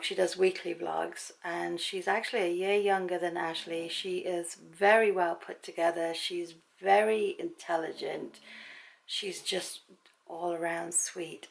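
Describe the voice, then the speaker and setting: Chatty gravelly-voiced English woman vlogger. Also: lowish voice, a little hiss or hum, rough recording. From England. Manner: chatty, rambling, laughs easily. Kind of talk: casual vlog chat to camera. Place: home at night.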